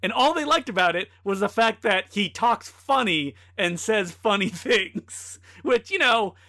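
A man's voice: high-pitched, expressive, bright, forceful tone. A man co-hosting a film podcast, talking bluntly and critically in a casual chat. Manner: blunt, critical, quick asides. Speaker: podcast co-host.

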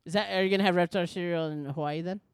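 A young woman hosting a casual podcast chat, chatty and quick to jump in. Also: lowish voice, clean tone, no echo, studio quality. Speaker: podcast host.

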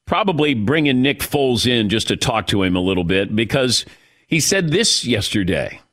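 Male sports radio host, lively swinging delivery, chatty. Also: medium pitch, moderate pace, no room sound, clean studio sound. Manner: animated, mimics players with mock voices. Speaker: sports talk show host.

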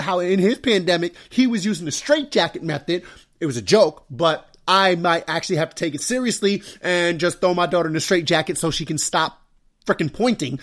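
A young adult man hosting a podcast, telling stories about his baby daughter in a casual, animated way. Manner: animated storytelling, mimics his wife and daughter in high voice. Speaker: podcast host. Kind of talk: casual solo podcast talk.

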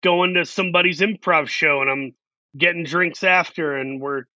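A man's voice: a little high, moderate pace, bright, forceful tone, no room sound, highs cut off. A man, an actor guest, telling long self-deprecating stories in a casual interview. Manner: rambling, self-deprecating anecdotes.

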